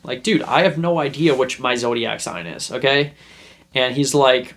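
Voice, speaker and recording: A man's voice: mid-range voice, moderate pace, a bit bright. A young man hosting a self-help video, chatting casually and rambling through a story he acts out. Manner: rambling, acts out scenes in put-on voices. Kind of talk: casual talk to camera.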